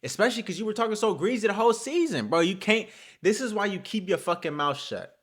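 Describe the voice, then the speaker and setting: Animated young man talking football trash. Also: sits high, fast. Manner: animated trash talk with frequent cursing. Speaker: host. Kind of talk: solo sports talk show.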